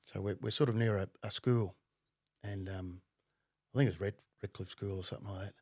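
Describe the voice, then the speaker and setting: A man's voice: on the low side, a little fast, husky, no echo, studio quality. Swearing man telling a wild story. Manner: profane, animated, laughing. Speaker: podcast guest. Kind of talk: casual storytelling.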